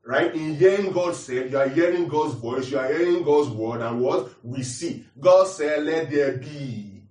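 Preacher teaching from a distant mic. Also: male voice, a little high, moderate pace, a little mellow. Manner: repeats points, asks the audience questions. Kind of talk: sermon teaching. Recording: roomy echo, distant mic.

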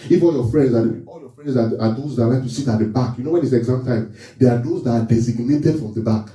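A man's voice: mid-range voice, quick pace, dark tone. A man preaching a sermon, often checking in with the congregation with questions. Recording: echoey room, from a distance.

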